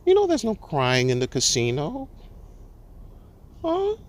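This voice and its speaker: A man voicing a condescending scold who taunts in a high falsetto. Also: huge pitch swings, unhurried, exaggerated voice. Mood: mocking. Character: shrill mocking scold, adult, condescending.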